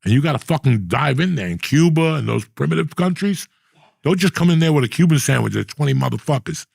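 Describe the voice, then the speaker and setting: Middle-aged guy rambling cuss-filled stories, raspy husky voice, dry mic. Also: fairly high pitch, expressive, fast talker, darkish tone, no echo. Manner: profane, rambling storyteller. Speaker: podcast host. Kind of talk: casual storytelling chat.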